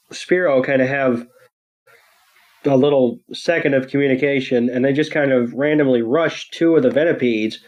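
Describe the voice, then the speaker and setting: Slow, laid-back man recapping. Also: mid-range voice, lo-fi sound. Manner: laid-back, profane and full of fillers. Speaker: podcast co-host. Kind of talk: casual episode recap.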